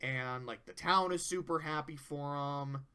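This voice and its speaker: A man hosting a casual tier-list review, excitable, swearing freely and laughing often. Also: a little high, a little slow, clean tone.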